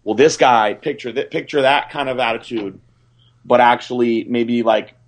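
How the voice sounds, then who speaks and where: A young man telling a story on a podcast in a rambling, excited way, full of fillers and restarts. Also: mid-range voice, moderate pace. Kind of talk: casual storytelling.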